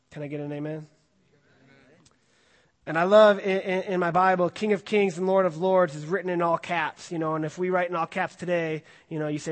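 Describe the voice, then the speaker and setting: A man's voice: high-pitched, a little fast. A man preaching a casual sermon to his congregation, chatty and loose, with frequent fillers and restarts. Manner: conversational, with many fillers and restarts. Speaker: pastor. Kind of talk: casual sermon with scripture reading. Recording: long hall reverb.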